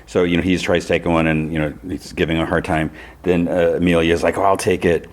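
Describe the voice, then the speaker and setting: A man with a very low, deep voice hosting a casual podcast. He retells a TV episode scene by scene with plenty of fillers. He jumps up in pitch to act out each character's lines. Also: level tone, fairly quick. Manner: loose storytelling that acts out characters' lines in a raised voice; many fillers like "you know" and "like". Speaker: podcast host recapping TV episodes.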